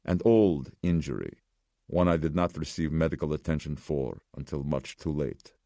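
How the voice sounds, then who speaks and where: A man voicing a grave old survivor who speaks slowly and ominously. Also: very deep voice, gravelly, warm tone, dry recording, studio quality. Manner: slow, grave, measured.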